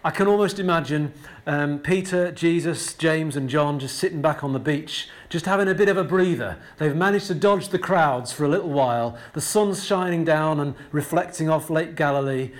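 A man preaching a sermon in a conversational way, slowing down to stress key words and repeating them for emphasis. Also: fairly high pitch. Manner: conversational asides with frequent fillers and restarts.

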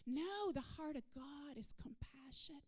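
A woman preaching a sermon in a fairly high voice. She drops to soft whispers, then builds into loud, rising declarations with a repeating call-and-response rhythm. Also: expressive, measured pace.

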